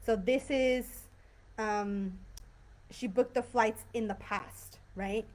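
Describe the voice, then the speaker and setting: A woman's voice: a little high, slow pace, darkish tone. Upbeat woman teaching grammar online. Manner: explains patiently with many fillers and "right?" checks. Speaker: English teacher. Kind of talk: live online grammar class. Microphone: video call.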